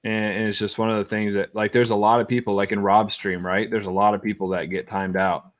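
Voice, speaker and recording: Rich: A middle-aged man with a fairly low voice talks on a live gaming stream. He is blunt and emphatic, stacking up repeated words to make his point in casual chat. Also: level tone, a little fast.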